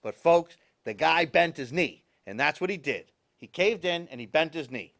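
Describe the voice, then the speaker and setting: Emphatic talk show host, lively voice. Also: male voice, on the high side, moderate pace. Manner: emphatic, repeats his points, talks straight to viewers. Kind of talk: opinionated talk show monologue.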